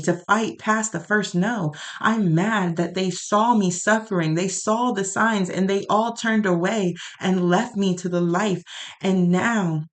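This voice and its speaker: A woman speaking an emotional prayer aloud, raw, pleading and angry. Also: on the low side.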